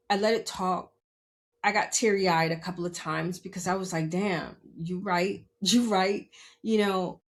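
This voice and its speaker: Candid, emphatic woman podcast host. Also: mid-range voice. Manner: candid, emphatic, conversational, checks in with listeners. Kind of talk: motivational monologue.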